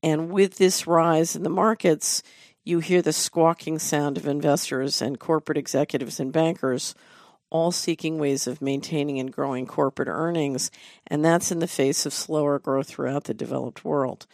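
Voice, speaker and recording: A middle-aged woman hosting a talk show, delivering a measured, deliberate commentary monologue. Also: low voice, fairly even intonation, darkish tone, no room sound, clean studio sound. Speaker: host.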